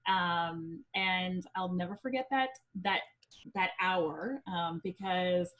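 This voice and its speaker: A woman from Indiana, a psychic medium guest on a podcast, telling a personal story in a chatty, lively way with frequent ums. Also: fairly low pitch, slow, dull audio.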